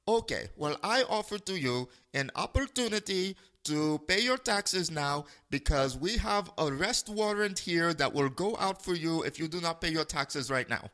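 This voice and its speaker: Man doing a phone scammer voice, heavy accent, broken english, insistent, higher pitch. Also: lively intonation, normal speed, few pauses, a bit bright.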